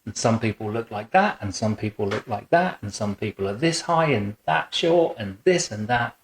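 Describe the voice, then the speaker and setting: A man hosting an interview as a boudoir photographer, chatting in a warm, rambling way in his photo studio, full of fillers and restarts. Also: on the low side, animated, moderate pace, a little hiss or hum. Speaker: boudoir photographer and podcast host. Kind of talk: relaxed conversational interview.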